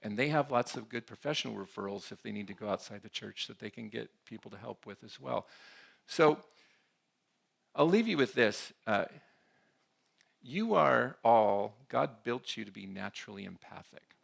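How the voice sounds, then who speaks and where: A man's voice: lowish voice, lively intonation, normal speed, gravelly. A man giving a conversational talk at a church conference, often checking in with the audience. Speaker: conference speaker.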